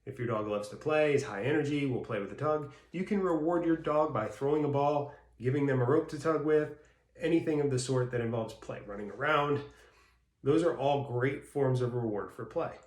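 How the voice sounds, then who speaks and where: A man's voice: medium pitch, normal speed. A man explaining dog training step by step in a plain instructional way. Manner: plain explanatory, acts out baby-talk praise in bursts. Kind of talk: instructional talk. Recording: roomy echo.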